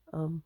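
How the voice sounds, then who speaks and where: A woman's voice: mellow, no room sound. A woman chatting casually to her viewers from home, rambling and laughing often. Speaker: vlogger. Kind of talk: casual chat to camera.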